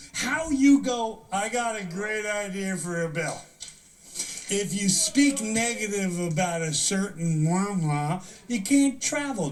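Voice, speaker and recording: A man's voice: high-pitched, recorded from a distance. A man hosting a live show, ranting comedically with incredulous disbelief and acting out mock conversations. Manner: incredulous, acts out mock dialogue in different voices. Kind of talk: animated comedic rant.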